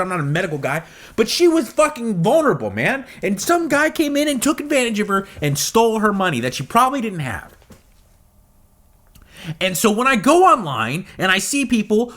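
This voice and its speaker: A man in his forties hosting a podcast, ranting heatedly and profanely about diet advice, with loud outbursts and low asides. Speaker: podcast host. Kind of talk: heated solo rant.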